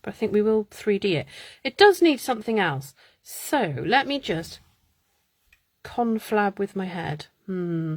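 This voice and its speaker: A woman's voice: mid-range voice, big pitch swings, unhurried, no room sound. A woman hosting a live card-making stream, chatting, muttering to herself and laughing as she works. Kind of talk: casual live crafting chat.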